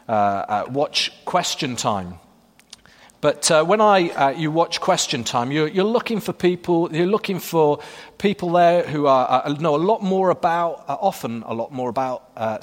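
A man preaching a sermon, his fairly high voice carrying through a hall with a long, ringing reverb. He reads scripture and then talks in a loose, conversational way, full of fillers and restarts. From Wales.

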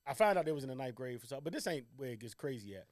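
A young man on a podcast telling a long, slangy story among friends, rambling and quoting others in quick bursts. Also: mid-range voice, sing-song, a little mellow, dry recording, studio quality. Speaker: podcast co-host.

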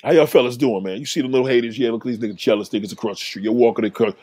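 A man telling street stories in a casual monologue, animated, acting out the voices of the people he describes. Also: medium pitch, racing, hardly any pauses, dry recording.

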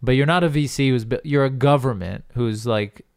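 A man's voice: mid-range voice, moderate pace, clean tone, dry recording, clean studio sound. A man co-hosting a podcast, chatting casually about politics and arguing his point with sarcasm. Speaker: podcast co-host.

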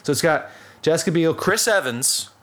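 Guy rambling through a raunchy movie story, pitch all over the place, kinda high voice. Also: normal speed. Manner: animated storyteller, crude joking, breaks into shouts and laughter. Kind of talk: casual chat.

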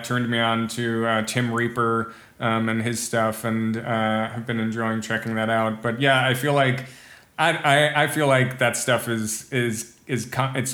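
Guy on a podcast, kinda flat and thoughtful, lots of pauses, echoey room sound. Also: medium pitch. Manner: thoughtful, searching for words. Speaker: guest musician. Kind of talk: casual podcast conversation.

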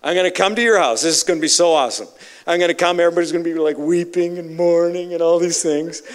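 A male preacher voicing Jesus as a calm man who breezily and playfully chats through his plan. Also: a little high, quick pace, pitched below the performer's own voice, close to an everyday voice. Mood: breezy.

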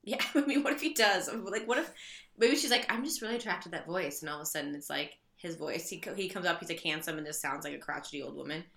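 A woman's voice: low-pitched, expressive, quick pace, creaky, fairly bright tone, echoey room. A woman co-hosting a casual chat, playful and joking. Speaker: podcast co-host.

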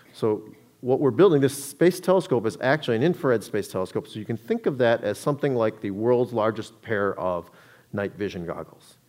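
A man giving a public talk to an audience, telling a story in a conversational way with frequent restarts. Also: on the low side.

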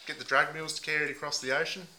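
A man putting on a rough, down-on-his-luck bloke character with a broad put-on Australian accent, talking mock-earnestly and ending nearly every sentence with "mate". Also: on the high side, fairly even intonation, rapid-fire, sharp tone, a little hiss or hum, low-quality recording. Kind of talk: improvised comedy character.

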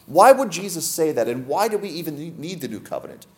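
A man's voice: a little high, very animated, fast talker, a little mellow. Emphatic male pastor preaching a sermon. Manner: emphatic, asks the congregation many rhetorical questions.

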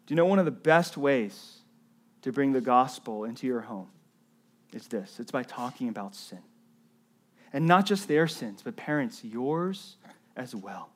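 Earnest young male pastor preaching. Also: fairly high pitch. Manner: earnest, conversational preaching with frequent "right?" asides. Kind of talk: sermon.

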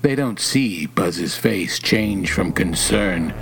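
A man reading scripted narration slowly and deliberately. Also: deep voice, animated, gravelly, a bit bright, slightly rough.

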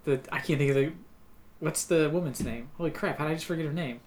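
A man with a fairly high voice recounts favorite movie moments in a relaxed chat. He laughs along as he tells them and sometimes stalls while hunting for a word. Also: fast. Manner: animated retelling of scenes, laughing, loses his words. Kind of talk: casual film discussion.

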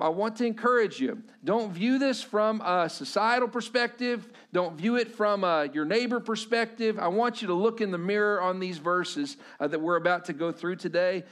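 High-voiced man preaching a sermon. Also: a bit bright. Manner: conversational storytelling with asides to the congregation. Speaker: pastor.

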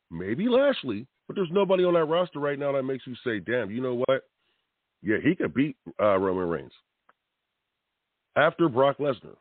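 A man's voice: mid-range voice, dry recording. A man hosting a wrestling talk show, giving fiery, rambling opinions full of slang and pleading asides. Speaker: radio host. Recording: tinny phone-like dry sound.

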